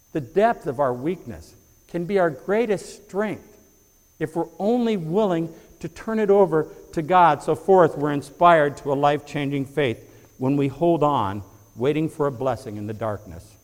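High-voiced preacher in a reverberant church. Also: male voice, lively intonation, moderate pace. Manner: swings between quiet reflection and rising, fervent emphasis. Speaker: pastor. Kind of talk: sermon. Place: church sanctuary before a congregation.

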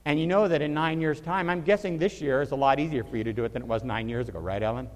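A male pastor delivering a sermon, addressing the congregation with animated rhetorical questions. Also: a little high, fast, long reverb tail.

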